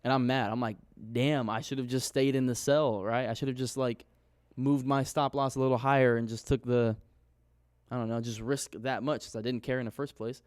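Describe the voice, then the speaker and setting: A man's voice: mid-range voice, little pitch movement, a little fast, dry recording, clean studio sound. A young man in a casual screen-share vlog, recapping his trades in a candid, rambling way and swearing casually. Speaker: forex trader vlogger.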